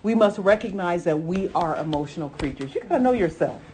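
Lively laughing woman preacher. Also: lowish voice, a little fast, few pauses, husky. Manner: lively, laughing, addresses congregation as folks and honey. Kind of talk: sermon.

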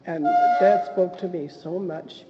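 A woman sharing a personal faith story in conversation, halting with restarts. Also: fairly low pitch, huge pitch swings, faint music behind. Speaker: co-host or guest. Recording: dull, roomy lo-fi with faint hiss.

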